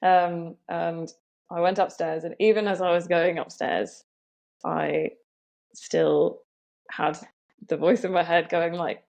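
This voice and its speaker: A young woman tells a personal story as a podcast guest. Her voice sits low and carries a gravelly fry. She talks in a reflective way, with many "um"s and "like"s. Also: flat delivery, slow, pauses often, a little mellow.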